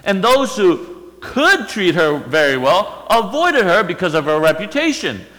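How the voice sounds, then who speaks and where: A man's voice: high voice, sing-song, unhurried, fairly bright tone, long reverb tail, low-quality recording. A man preaching a sermon, retelling a story and asking rhetorical questions.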